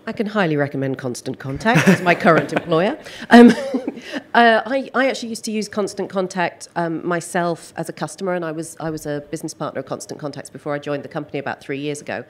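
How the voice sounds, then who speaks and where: A woman on a business panel answering audience questions, slightly hoarse because she is losing her voice, direct and wry. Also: low voice, a little fast. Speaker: panel expert. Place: large hall at a business event.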